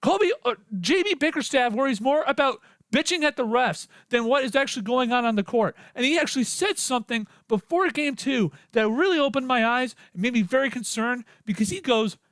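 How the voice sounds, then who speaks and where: Really high-pitched guy ranting about his team, cussing a lot, repeats stuff, dry sound. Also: expressive, fairly quick, few pauses, dry recording. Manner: heated, profane, repeats himself, building to shouts. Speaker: sports fan commentator. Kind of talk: ranting reaction video.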